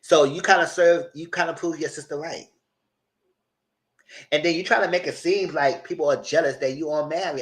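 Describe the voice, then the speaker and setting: A man giving casual live commentary on a reality show, animated, repeating himself and cursing freely. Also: fairly high pitch, a little fast, slight background noise.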